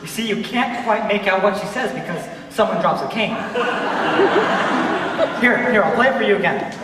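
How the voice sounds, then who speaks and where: A man's voice: high-pitched, normal speed, heavy background noise, close to an everyday voice. A man on a stage playing a chatty theatre fan, rambling and stammering as he talks to the audience. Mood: fond. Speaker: stage narrator addressing the audience. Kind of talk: live stage musical performance. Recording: echoey hall from far off.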